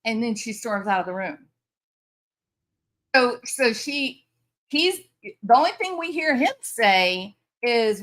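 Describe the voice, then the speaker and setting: A woman's voice: fairly high pitch, expressive, a little slow, a bit bright. A woman commentator reacting to a news story, incredulous and sarcastic, often laughing in disbelief.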